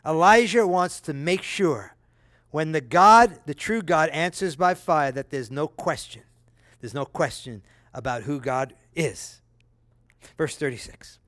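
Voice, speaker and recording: A man preaching a sermon, reading scripture aloud with lively, dramatic delivery and casual asides to his listeners. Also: on the high side, a little slow, no echo, clean studio sound. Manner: conversational asides, checks in with listeners.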